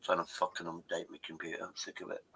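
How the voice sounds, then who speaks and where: Sweary man, very bright voice. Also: low voice, completely flat delivery, fast talker, creaky, slightly rough, rough recording. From Derbyshire, England. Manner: rambling, sweary storytelling. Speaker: livestream host. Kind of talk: casual chat.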